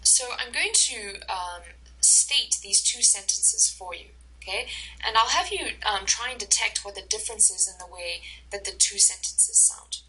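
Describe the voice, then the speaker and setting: A woman instructor giving a recorded lecture over slides, explaining slowly and carefully with many fillers and restarts. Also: medium pitch, bright, forceful tone, husky, rough recording.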